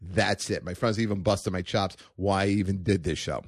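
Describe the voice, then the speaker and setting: A stand-up comedian with a somewhat low voice spins a story in casual, animated fashion. He leans hard on his points and keeps tossing in "okay?" to pull the listener along. The sound is close and dry, with no room in it. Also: normal speed, dry recording.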